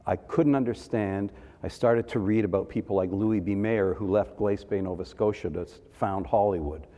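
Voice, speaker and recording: A man's voice: on the low side, normal speed, dark tone. Older man telling stories in a hall. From Canada. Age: 70s. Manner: anecdotal, playful, acts out quoted voices. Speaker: panelist. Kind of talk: storytelling panel talk. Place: large hall. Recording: reverberant hall.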